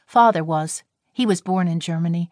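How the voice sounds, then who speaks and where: A shy young girl, earnest and a little frightened, as a woman narrator reads her. The voice is fairly low for a woman and sits in a close, dry sound. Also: moderate pace, dry recording, natural voice. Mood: anxious. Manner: soft, anxious, earnest.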